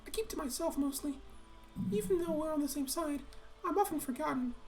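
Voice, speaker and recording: A man voicing a frail, shy young woman in a meek falsetto while reading game dialogue aloud. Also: brisk, darkish tone, soft background music.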